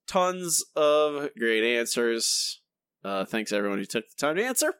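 A man's voice: sing-song, moderate pace, a bit bright, clean tone, no echo, studio quality. A man co-hosting a podcast in casual chat, reading listener answers aloud and stumbling over names and restarts. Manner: reads listener answers aloud, jumps into higher voices for the quotes. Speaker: podcast co-host.

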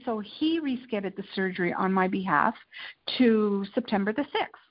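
A woman being interviewed as a guest, telling personal stories in a candid, animated way and acting out the quotes. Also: mid-range voice, brisk, highs cut off. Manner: animated, tells anecdotes with acted-out quotes. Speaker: interview guest, lifestyle and food editor. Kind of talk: candid conversational storytelling.

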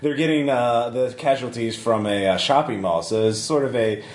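A man's voice: mid-range voice, moderate pace, reverberant. Hesitant man playing a tabletop game. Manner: hesitant, lots of uh and restarts. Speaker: player.

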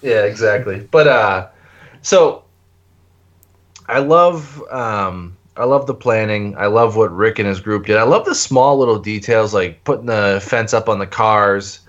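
A man's voice: fairly low pitch, measured pace, a bit bright, muffled recording. A man co-hosting a casual podcast chat about a TV show, laid-back, with frequent laughs and fillers. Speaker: podcast co-host.

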